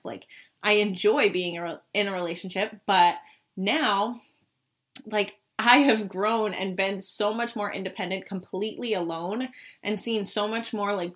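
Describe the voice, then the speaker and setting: A young woman from the Boston area, her voice medium-pitched and fairly bright, tells a personal story casually. She chats along saying "like" constantly and swears now and then.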